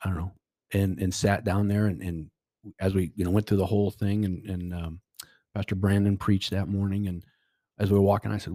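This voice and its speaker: A man's voice: deep voice, little pitch movement, brisk, warm tone, no echo, studio quality. A middle-aged man telling a personal story as a podcast guest, rambling with restarts and quoted dialogue. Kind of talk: casual storytelling.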